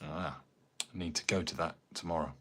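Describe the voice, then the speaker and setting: A man's voice: very deep voice, steady tone, normal speed, bright, forceful tone, breathy edge. A man with an English accent, rambling in casual livestream chat as a carpenter answering viewer comments. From England. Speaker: carpenter streaming live.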